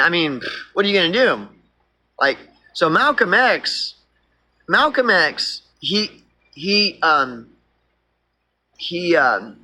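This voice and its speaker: Man with an Oklahoma accent, animated and rambling, bright husky tone. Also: a little high. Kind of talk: casual political monologue.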